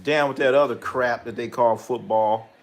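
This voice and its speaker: A man's voice: mid-range voice, fairly even intonation, normal speed. Blunt, profane sports streamer, a man. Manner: blunt, profane trash talk; chats with live viewers, answering comments. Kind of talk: live game reaction commentary.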